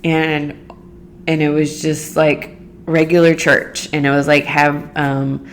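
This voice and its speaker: A woman with a low, deep voice hosts her own podcast alone, talking things through in a casual monologue. She rambles earnestly, restarting her sentences and leaning on "like" and "you know" as she works out what she means. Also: flat delivery, takes it slowly, slight background noise. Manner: earnest, rambling, many "like" fillers. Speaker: podcast host.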